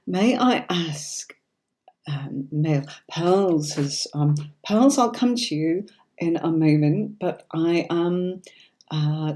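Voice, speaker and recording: Middle-aged British woman, neutral standard accent, low mellow voice, chatty tarot-reader host who reassures viewers. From Yorkshire, England. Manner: chatty and reassuring, often checking in with "okay?". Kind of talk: live-streamed tarot reading.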